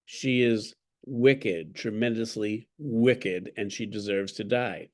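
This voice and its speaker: Brief: man voicing a demanding wizard, flat and matter-of-fact, no big acting. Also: on the low side, slow, no echo, studio quality. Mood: stern. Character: stern demanding male wizard, middle-aged.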